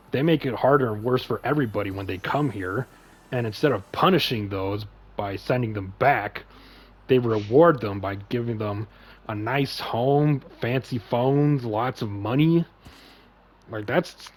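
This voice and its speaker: A man hosting a casual chat stream, rambling with lots of fillers and heavy swearing. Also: medium pitch. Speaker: podcast host and streamer.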